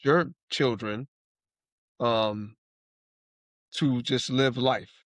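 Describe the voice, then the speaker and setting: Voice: medium pitch, drawn-out words, dry recording. A podcast host asking questions and giving short reactions. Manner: brief backchannel reactions. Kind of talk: interviewer with short replies.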